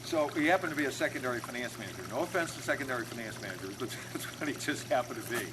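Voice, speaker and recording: A man's voice: medium pitch, lively intonation, racing. Man telling a story over water noise. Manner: casual, anecdotal, acts out the people in the story. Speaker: automotive recruiter and trainer. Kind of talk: storytelling talk to camera.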